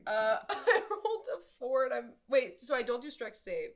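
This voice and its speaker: A woman's voice: on the high side, sing-song, moderate pace. A woman player in a tabletop game, eager and giggly, asking questions and answering in character.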